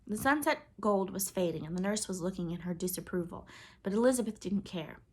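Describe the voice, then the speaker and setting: A woman narrating a classic children's novel in an even, expressive storybook reading. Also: medium pitch, fairly quick, breathy edge. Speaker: audiobook reader.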